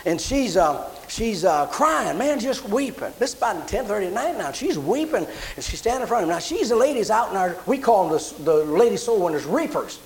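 A pastor in the pulpit tells a story in a high voice. He talks in a homespun way, circling back and restarting his phrases as he goes, with a faint hiss behind him. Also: very animated, brisk, few pauses, rough recording. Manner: folksy, repeats and restarts phrases. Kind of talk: sermon storytelling.

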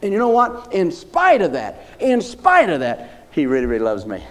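A male pastor preaching a sermon, repeating phrases emphatically and rising into loud declarations. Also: high voice, wildly swooping pitch, normal speed.

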